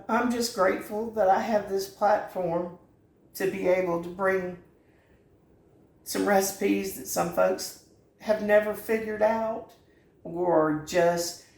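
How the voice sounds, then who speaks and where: Gravelly middle-aged woman. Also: mid-range voice, a little mellow, echoey room. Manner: folksy, earnest and sentimental. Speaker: home cooking channel host. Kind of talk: heartfelt direct-to-camera chat. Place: home kitchen.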